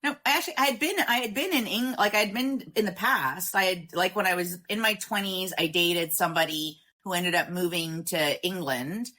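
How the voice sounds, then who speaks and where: Canadian woman, podcast guest, rambling chatty storyteller with a bright, forceful voice. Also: fairly low pitch, normal speed, hardly any pauses. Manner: rambling, with many fillers and laughs. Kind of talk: casual storytelling.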